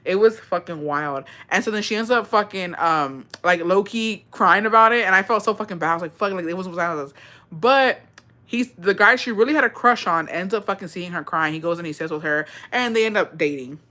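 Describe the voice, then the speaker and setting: A woman's voice: on the low side, fairly quick, pushed and bright. Profane gossipy woman telling stories. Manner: profane, gossipy, mixes in Spanish phrases. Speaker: storytime vlogger. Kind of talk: casual storytelling.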